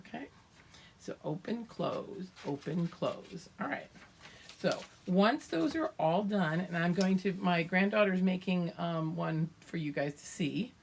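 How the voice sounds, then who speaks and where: A woman's voice: low-pitched, a little hiss or hum. An older woman teaching young children their letters remotely, patiently sounding out each letter and its sound. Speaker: preschool teacher.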